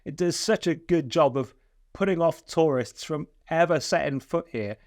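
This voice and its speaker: A man's voice: on the high side, moderate pace, a little mellow, no echo, studio quality. A Welsh man hosting film commentary, sarcastic and profane, mocking the film. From Wales. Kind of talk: sardonic commentary.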